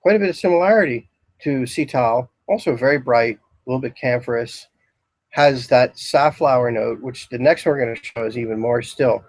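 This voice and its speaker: A man giving a casual, rambling talk on incense in a shop, describing scents with many pauses. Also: mid-range voice, dry recording, rough recording. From Philadelphia area, US. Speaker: incense store lecturer. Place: shop, indoors.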